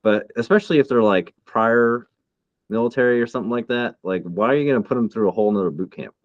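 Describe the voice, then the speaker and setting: A man's voice: medium pitch, fast talker, no room sound, muffled recording. A man in his thirties co-hosting a casual podcast chat, heated and swearing a lot. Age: 30s. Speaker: podcast co-host.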